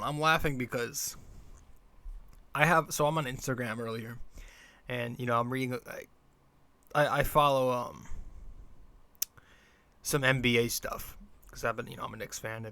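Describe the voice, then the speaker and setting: A young man hosts his podcast in a loose, rambling monologue full of restarts and asides. His voice sits in a middle pitch. The close mic sounds dry, with no room around it. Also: fairly bright tone, no room sound. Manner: rambling, self-interrupting with fillers and restarts. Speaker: podcast host. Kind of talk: casual solo podcast monologue.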